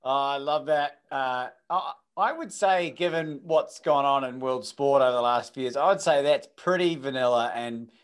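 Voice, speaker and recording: A man hosting a podcast, friendly and relaxed, asking his guest open questions. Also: mid-range voice, normal speed, few pauses, clear, resonant tone. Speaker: podcast host. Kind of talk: casual interview chat.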